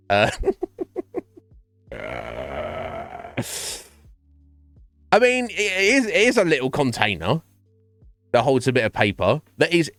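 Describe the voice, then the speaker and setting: Male streamer, rambling chat; animated delivery, dry mic. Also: mid-range voice, no echo. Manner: rambling, laughs often, swears. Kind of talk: casual chat with viewers.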